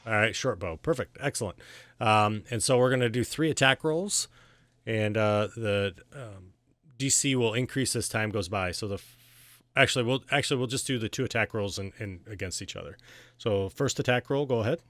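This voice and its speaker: Lower-voiced man running a tabletop game. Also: a bit bright, no room sound. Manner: casual, halting, many fillers. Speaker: game master.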